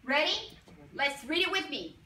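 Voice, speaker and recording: A woman teaching young children a phonics lesson in a classroom, modeling sounds slowly and prompting call-and-response with encouraging praise. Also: high voice, very animated, bright, forceful tone. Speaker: elementary school teacher. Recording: echoey room from far off.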